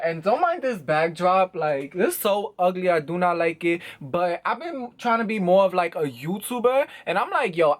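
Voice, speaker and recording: A young man telling an animated, slang-filled story for his vlog. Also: high voice. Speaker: vlogger.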